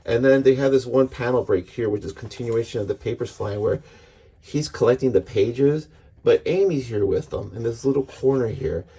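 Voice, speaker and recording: A man's voice: mid-range voice, moderate pace, dark tone, breathy edge. A middle-aged man giving a casual, earnest comics book review, rambling with frequent restarts.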